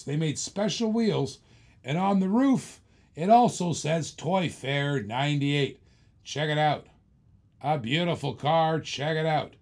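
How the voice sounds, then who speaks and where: A man hosting a live-stream auction, pitching items in a hyped, repetitive salesman patter.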